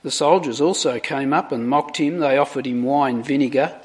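Delivering a sermon, this man speaks at medium pitch with a darkish tone. His reading of scripture is slow and deliberate, the quoted words given dramatic emphasis, and afterward he reflects on them.

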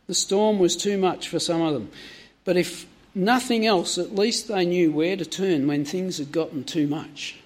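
Male preacher, higher register, sermon delivery, peppers the congregation with direct questions. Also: a little slow.

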